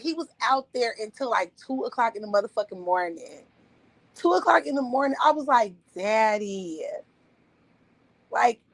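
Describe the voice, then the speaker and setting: A woman telling a family story on a livestream, profane and animated, laughing often. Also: on the high side, no echo, poor audio. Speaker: streamer. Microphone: streaming microphone.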